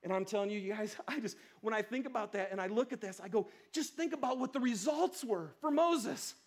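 A man preaching a casual, conversational sermon, chatty and lively with playful asides. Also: high voice, brisk. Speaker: pastor.

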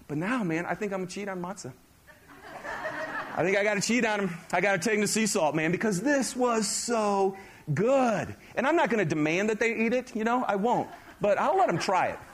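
A middle-aged male pastor with a bright, high voice delivers a lively, conversational sermon, repeatedly throwing questions at the audience.

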